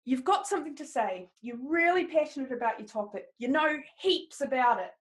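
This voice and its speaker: A woman leads a live training webinar. Her voice sits high and bright in pitch, and she keeps an upbeat, encouraging tone as she speaks directly to her listeners. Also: lively intonation, brisk. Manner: upbeat, encouraging, talks straight to the audience. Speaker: presentation skills trainer.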